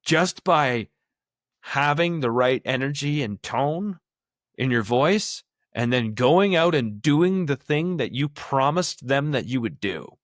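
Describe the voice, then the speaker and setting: A man's voice: mid-range voice, expressive, slow, no room sound, studio quality. Casual man co-hosting a podcast. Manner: casual, swearing, loose phrasing. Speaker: podcast co-host.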